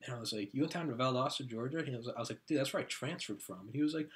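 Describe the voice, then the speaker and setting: A man's voice: medium pitch, very fast, hardly any pauses. A young man co-hosting a casual podcast, rambling through anecdotes and acting out what his friends said. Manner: rambling storyteller who acts out friends' lines. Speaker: podcast co-host. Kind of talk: casual chat.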